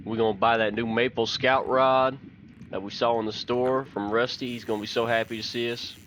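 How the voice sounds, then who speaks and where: A man's voice: medium pitch, brisk, a little hiss or hum. A man from Texas, giving folksy, chatty commentary on a fishing game and telling fishing stories. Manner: folksy, chatty, excited when fish bite. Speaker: gaming channel host.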